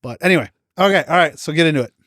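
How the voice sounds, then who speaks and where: A man's voice: a little high, expressive, racing, fairly bright tone, no room sound, studio quality. A man co-hosting a podcast, chatting casually with rambling, jokey asides. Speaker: podcast co-host. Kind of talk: casual chat.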